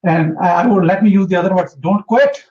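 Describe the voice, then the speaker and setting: Earnest high-voiced man giving advice. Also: steady tone, quick pace, darkish tone, lo-fi sound. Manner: earnest, emphatic, repeats for emphasis. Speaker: interview guest, entrepreneur. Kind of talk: motivational interview talk.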